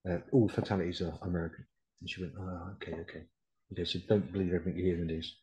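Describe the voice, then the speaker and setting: With a low, darkish, steady voice and a very fast pace, a middle-aged UK military veteran, a decorated member of the RAF Regiment, tells his story to a podcast in a blunt, casual interview, swearing plenty and quoting others. The recording is rough.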